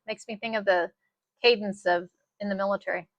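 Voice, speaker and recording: A woman's voice: medium pitch, fairly even intonation, brisk, no echo, lo-fi sound. A woman teaching a live sewing tutorial, chatty and folksy, often saying "y'all.". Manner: chatty, says "y'all" a lot. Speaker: sewing instructor.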